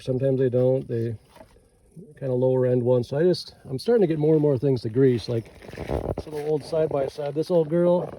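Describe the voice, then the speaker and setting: Rambling Minnesotan man, dark mellow voice. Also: mid-range voice, a little hiss or hum, rough recording. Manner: rambling, self-deprecating, chatty asides. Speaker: ranch owner vlogger. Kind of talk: casual how-to vlog. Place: outdoors on a rural ranch.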